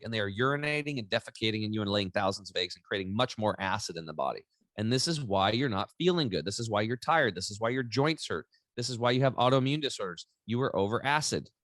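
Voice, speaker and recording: A man's voice: medium pitch, a bit bright, dry recording. A man in his forties, a podcast guest telling a personal story with lots of energy and animation. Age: 40s. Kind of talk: casual storytelling interview.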